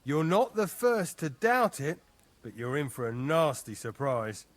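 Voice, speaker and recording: A scheming, ominous castle servant. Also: male voice, on the high side, very animated, a little slow.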